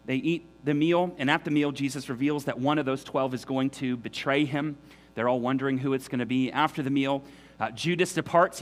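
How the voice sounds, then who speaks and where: A man preaching a sermon in an earnest, emphatic way, often restarting his sentences. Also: on the high side. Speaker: pastor.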